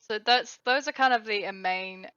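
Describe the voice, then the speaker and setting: A woman's voice: mid-range voice, normal speed, bright, forceful tone, smooth, lo-fi sound. A woman with a New Zealand accent co-hosting a podcast in casual chat, chatty with lots of fillers. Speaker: podcast co-host.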